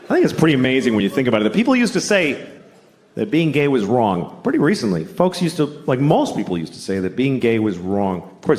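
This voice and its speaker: A middle-aged man doing a blunt, deadpan stand-up comedy set, often acting out other people's voices. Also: medium pitch. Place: stage before a laughing audience. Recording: live stage recording with audience noise. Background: audience laughter.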